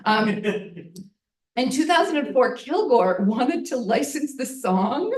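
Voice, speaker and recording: A woman's voice: a little high, sing-song, takes it slowly. Bawdy woman storyteller on a live stage. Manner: frank, bawdy and playful, laughing at her own lines. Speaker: storytelling performer. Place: live venue in front of an audience. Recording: roomy audience mic from a distance.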